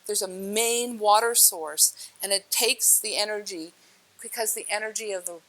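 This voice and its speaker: A woman's voice: medium pitch, a bit bright. Blunt, chatty woman spiritual speaker. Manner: blunt and direct, swears casually; chatty, asks the listener questions. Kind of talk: casual spiritual talk to an audience.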